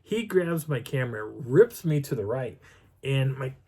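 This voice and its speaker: A man's voice: unhurried, breathy edge. Middle-aged guy telling a night story on his channel, medium voice, acts out the quotes. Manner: animated, acts out quotes with pitch jumps and whispers. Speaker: vlogger. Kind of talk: casual storytelling.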